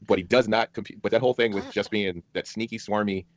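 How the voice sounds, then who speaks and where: A man with a very low voice talking rapidly on a dull, lo-fi line. He is a co-host in casual podcast talk. He rambles and restarts his sentences often. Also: fairly even intonation. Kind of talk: casual discussion.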